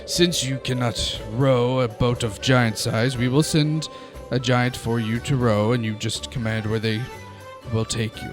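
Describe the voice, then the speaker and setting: A man voicing a smug, scheming male giant jarl who speaks slowly and with false graciousness, over background music. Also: medium pitch, fairly even intonation, pitched below the performer's own voice, natural voice.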